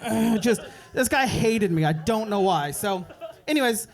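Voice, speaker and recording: A young man doing a stand-up set at an open mic night, telling a rambling story and dropping into quick voices for the people in it. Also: high-pitched, animated. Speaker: stand-up comedian. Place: open mic comedy club.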